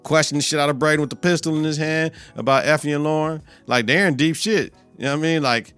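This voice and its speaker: A man's voice: a little high, fast, clean tone, soft background music. A man hosting a podcast, recapping a TV episode in a loose, profane way and acting out the characters' lines. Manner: profane, animated, acts out quotes in voices. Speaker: podcast host.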